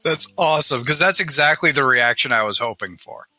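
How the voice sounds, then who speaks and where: A man on a casual podcast, teasing and quick with jokes. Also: mid-range voice, animated, bright, forceful tone, no echo, soft background music, rough recording. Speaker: podcast guest. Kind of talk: casual chat.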